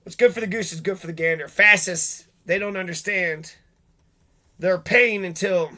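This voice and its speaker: A man's voice: sits high, moderate pace, pushed and bright. A middle-aged man delivering an angry, profane vlog rant full of rhetorical questions. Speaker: vlogger. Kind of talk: angry ranting monologue.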